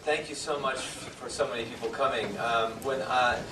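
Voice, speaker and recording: A man's voice: mid-range voice, steady tone, moderate pace, a loud crowd. A man giving a self-deprecating, informal talk as a guest speaker, full of fillers and restarts. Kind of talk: informal lecture. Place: lecture hall. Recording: echoey hall from far off, noisy.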